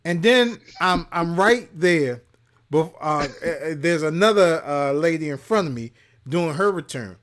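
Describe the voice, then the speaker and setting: A man from Maryland, co-hosting a gaming show, telling a profane story in casual chat and shouting out the lines he quotes. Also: fairly high pitch, expressive, a little slow. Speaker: podcast co-host.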